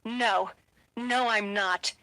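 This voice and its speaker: A woman voicing a furious young male werewolf alpha who speaks in a sharp, commanding way. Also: mid-range voice, fairly even intonation, extremely slow, dry recording. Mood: angry.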